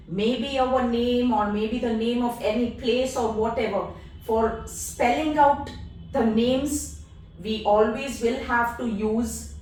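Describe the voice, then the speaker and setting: A woman language teacher patiently explaining letters and sounds in a slow, deliberate lesson. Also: on the high side, a little mellow, distant mic, slight background noise. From India. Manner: patient, spells out letters one at a time. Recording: echoey room, voice off-mic.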